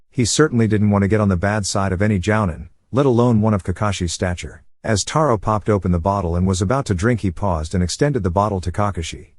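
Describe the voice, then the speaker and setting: A man narrating a fan fiction story with steady storytelling delivery. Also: on the low side, no room sound. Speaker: audiobook narrator.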